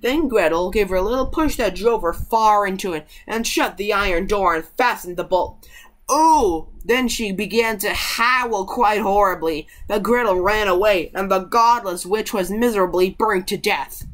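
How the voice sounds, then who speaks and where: A woman's voice: mid-range voice, moderate pace, hardly any pauses, a bit bright. A woman reading a fairy tale aloud in an unpolished way, stumbling and correcting herself now and then. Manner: unpolished, with slips and self-corrections. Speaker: reader.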